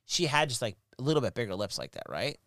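A man's voice: mid-range voice, sing-song, quick pace, gravelly, a bit bright, dry recording, studio quality. A man hosting a podcast, telling a story in casual chat, swearing and laughing as he goes. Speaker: podcast host.

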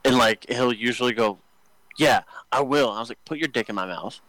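A young podcast co-host with a mid-range, slightly bright voice talks briskly, telling rambling, crude work stories full of jokes and fillers in casual chat. The recording is dry and low quality.

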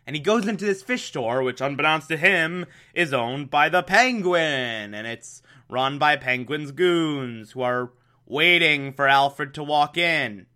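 Wry, chatty man with a crisp, bright voice. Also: mid-range voice. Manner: wry, chatty, laughing asides. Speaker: show host recapping an episode. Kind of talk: casual comedic recap.

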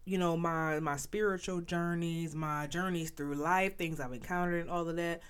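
A young woman with a nasal voice hosting a casual solo podcast, candid and animated, talking straight to her listeners with playful asides and the odd sniffle. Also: lowish voice, normal speed, clean tone. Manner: sniffles between phrases. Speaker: podcast host.

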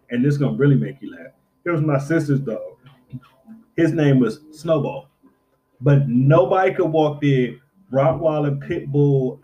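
A middle-aged man in casual chat, telling profane, animated stories and acting out quotes. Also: mid-range voice. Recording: dull lo-fi recording.

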